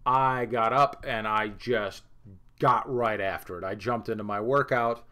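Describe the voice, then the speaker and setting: A man's voice: on the low side, unhurried, sharp tone. A man presenting a weekly market note in a casual, rambling way, out of breath after a workout and laughing at himself. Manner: chatty, self-deprecating, rambling with restarts. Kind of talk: casual unscripted market commentary.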